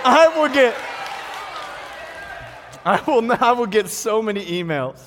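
Animated, joking male pastor, storytelling sermon voice, reverberant church hall. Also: high-pitched, slow pace, crowd noise, noisy background. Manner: animated, jokey storyteller who acts out voices.

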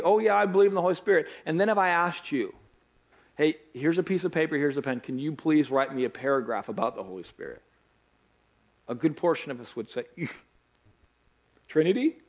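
A man's voice: on the high side, a little mellow, lo-fi sound. A middle-aged male pastor preaching a sermon in a chatty way, asking the congregation rhetorical questions. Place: church hall.

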